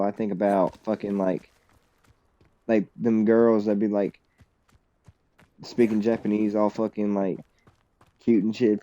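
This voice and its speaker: A young American man live-streams a video game, chatting in a loose, rambling, profane way and laughing often. His voice is lowish and mellow, and the recording is dry and muffled.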